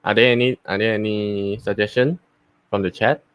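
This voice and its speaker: A voice actor, a man, casually explaining his voice techniques in an unhurried way with many fillers and restarts. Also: on the low side, steady tone, a bit bright, clean tone, no room sound. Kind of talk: casual live talk and voice demo.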